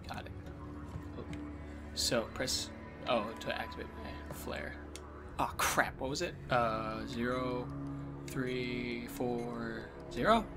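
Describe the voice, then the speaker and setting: A man with damaged vocal cords talking quietly and low as he commentates a game he is playing, coughing often. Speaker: let's play host. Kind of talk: gameplay commentary. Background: game sounds and music.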